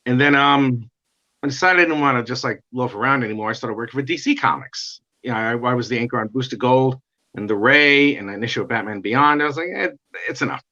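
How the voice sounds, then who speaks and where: A middle-aged man telling his life story in a casual interview, animated and acting out the voices of others. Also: mid-range voice, fast. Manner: animated, acts out quoted dialogue. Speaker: guest comic artist. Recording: dull lo-fi sound.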